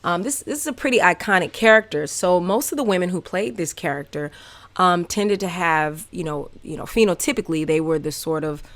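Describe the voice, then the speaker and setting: A woman in her thirties with a Southern US accent, telling personal stories on her podcast in a candid, animated way with many fillers. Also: on the low side, brisk. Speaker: podcast host. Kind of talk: casual personal storytelling.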